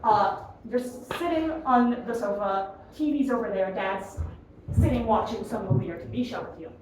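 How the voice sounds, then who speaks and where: Speaking at normal speed in a higher voice, a young woman from the United States does a stand-up set for a live comedy club audience. She's chatty and self-deprecating, often laughing at her own lines. Echo, noise, and a far-off mic mark the recording.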